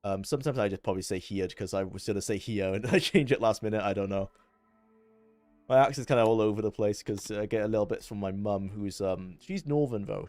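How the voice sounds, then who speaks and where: A young man with a Welsh accent chatting casually while streaming a game, barking quick orders at his squad. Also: fairly low pitch, a little mellow, dry recording, studio quality. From Wales. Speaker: livestreamer. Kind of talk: live gameplay commentary.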